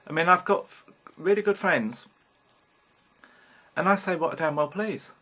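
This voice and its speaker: A man's voice: fairly high pitch, normal speed, bright, forceful tone. A British man in his fifties talking frankly in a rambling personal vlog, swearing casually as he goes. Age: 50s. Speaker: vlogger. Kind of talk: candid personal vlog monologue.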